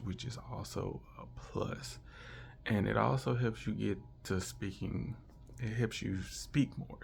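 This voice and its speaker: Man, 30s, vlogger. Low gravelly voice, rambling unscripted review with a light hiss behind. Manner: rambling, many restarts and fillers. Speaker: vlogger reviewing a language course.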